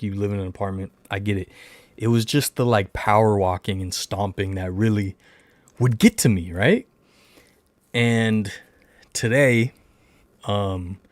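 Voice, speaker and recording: A young man with a fairly low voice chats on a casual livestream. He rambles through a long story, full of filler words and animated retellings. The sound is close and dry, with no room echo. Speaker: livestream host.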